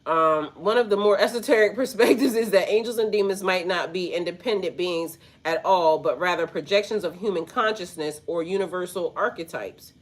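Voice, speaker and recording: A woman's voice: on the low side, moderate pace, hardly any pauses. Woman spiritual coach, stuffy-nosed, loose and slangy, swears casually. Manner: rambling, slangy, swears freely. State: stuffy, snotty nose. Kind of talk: casual spiritual talk to viewers.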